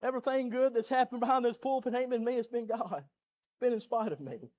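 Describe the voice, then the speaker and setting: A young adult man with a Southern American accent, preaching a sermon from the pulpit, swinging from quiet storytelling to loud, pleading preaching. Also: very high voice, a little fast. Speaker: pastor. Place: church sanctuary.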